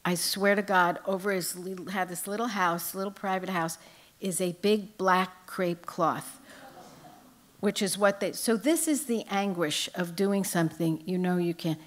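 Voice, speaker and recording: With a lowish, unhurried voice, an older woman entertains a live audience with humorous anecdotes. She is an author appearing as a guest at a book festival, storytelling on stage.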